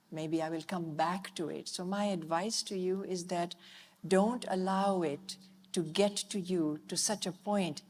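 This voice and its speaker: A woman panelist giving a reflective, measured answer with some hesitation. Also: on the low side, a little mellow. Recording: reverberant conference hall.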